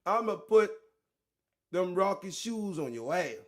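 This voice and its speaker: A man hosting a commentary show, reacting to a played clip in loud, mocking street slang, riffing and repeating himself. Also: high voice, expressive, measured pace.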